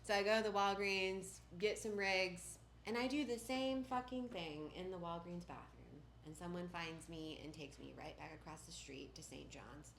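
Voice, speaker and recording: A woman's voice: fairly low pitch, moderate pace, vocal fry, hardly any pauses, a bit bright, slight background noise. A woman giving a candid personal recovery testimony in a casual, rambling way, full of "like" and "you know.". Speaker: speaker at a recovery meeting. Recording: roomy echoing room.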